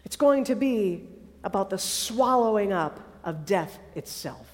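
A woman preaching a sermon in a lively, conversational way, acting out the quotes she tells. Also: medium pitch, unhurried, in a large hall. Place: chapel or hall.

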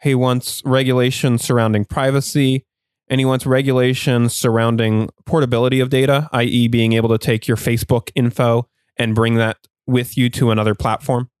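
A man's voice: mid-range voice, level tone, a little fast, clean tone. A male podcast co-host talking casually and laughing easily, his words broken by fillers. His voice sits in an ordinary middle register. The sound is very dry, with no room echo. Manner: chatty, laughs often, many fillers. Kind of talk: casual chat with ad read.

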